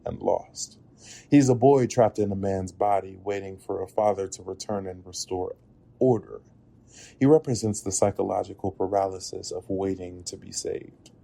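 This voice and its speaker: A man narrating a reflective spoken essay in a measured, earnest way. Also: sits low, gravelly, mellow. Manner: measured, earnest, with occasional laughs at slips.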